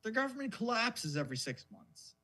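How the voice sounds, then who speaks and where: A man's voice: very high-pitched, big pitch swings, fairly quick, pushed and bright. A man co-hosting a podcast in casual chat, ranting in a mocking, profane way. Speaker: podcast co-host.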